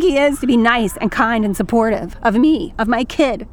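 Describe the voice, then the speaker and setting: A woman's voice: on the high side, normal speed. A woman narrating a first-person story in a wry, intimate way with flashes of anger.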